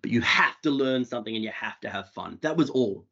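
A man with an Australian accent giving a quick, wry, plain-spoken talk to an audience on a video call. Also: mid-range voice, expressive, pushed and bright, husky. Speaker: conference speaker. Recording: dull lo-fi call audio.

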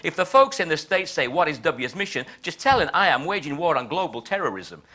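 A man's voice: a little high, very animated, brisk, bright, forceful tone, heavily acted. A man reading verse in a put-on Texan accent as a boastful, triumphant president, with a folksy, swaggering delivery. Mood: gloating. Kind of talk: dramatic reading of translated verse.

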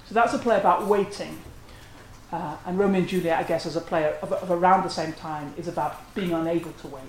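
A lecturer talks through a literary analysis in a measured, scholarly way, at a mid-range pitch. The voice rings out in a roomy space, and a faint hiss sits underneath. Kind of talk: academic lecture. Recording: roomy echo.

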